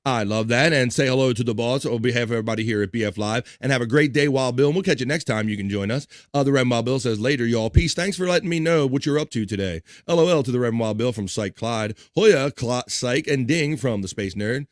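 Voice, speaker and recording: A man's voice: medium pitch, quick pace, hardly any pauses, no room sound, studio quality. A man hosting a casual livestream, joking around and reading viewer comments aloud. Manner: upbeat, jokey, reads chat messages aloud. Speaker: livestream host.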